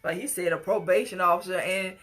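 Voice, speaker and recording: A woman's voice: on the low side, brisk, fairly bright tone. A middle-aged woman giving an impassioned, scolding personal commentary, at times tearful and pleading. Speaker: commentator reacting to a news story.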